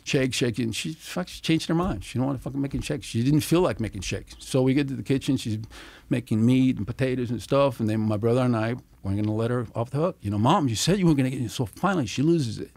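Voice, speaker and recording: A middle-aged man telling stories as a podcast guest, animated and swearing freely as he acts out what people said. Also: medium pitch, quick pace, vocal fry, few pauses, dry recording. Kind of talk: casual storytelling.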